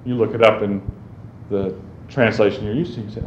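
A man's voice: on the low side, normal speed, a little mellow. A man teaching a group on how to read the Bible, speaking conversationally and often checking in with "right?". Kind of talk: teaching talk on Bible reading. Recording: roomy, slightly dull recording with faint noise.

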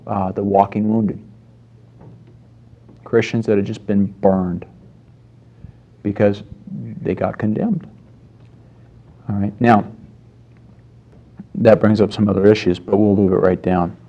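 A man's voice: lowish voice, warm tone, highs cut off. A man preaching a sermon in a conversational way, telling stories and acting out quotes. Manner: storytelling with acted-out quotes, conversational.

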